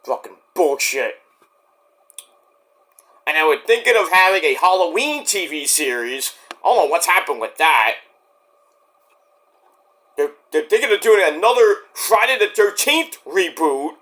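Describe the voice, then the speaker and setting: A man's voice: on the high side, animated, a little slow, long pauses, bright, forceful tone. A man hosting a casual solo podcast, rambling and swearing freely as he loses his thread. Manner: rambling and profane, trailing off. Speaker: podcast host.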